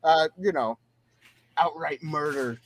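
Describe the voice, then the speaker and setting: Laughing, rambling male co-host. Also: fairly high pitch. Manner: rambling, laughing, halting restarts. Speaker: podcast co-host. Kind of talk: casual chat, retelling a show.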